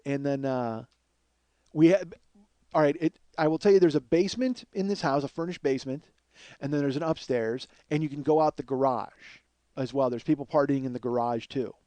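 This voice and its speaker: A man telling a comic story from his youth in a rambling, animated way, full of fillers and acted-out quotes. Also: mid-range voice, dry recording. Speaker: comedian host.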